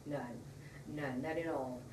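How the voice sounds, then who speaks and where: A woman giving an emotional, halting personal account as an interviewee. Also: low-pitched, fairly even intonation, darkish tone. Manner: earnest, emotional, halting retelling. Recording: roomy, distant mic, faint noise.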